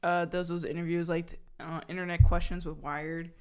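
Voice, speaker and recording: A young woman co-hosting a casual podcast, chatty, full of fillers and quick laughs. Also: on the low side, little pitch movement, smooth. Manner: chatty, laughs often, many fillers and restarts. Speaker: podcast co-host. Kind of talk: casual chat.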